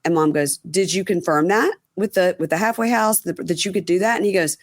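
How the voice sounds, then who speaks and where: A woman's voice: lowish voice, a little fast, no echo, studio quality. A woman hosting a casual podcast, recapping a reality episode and acting out people's lines, with frequent ums and swearing. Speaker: podcast host.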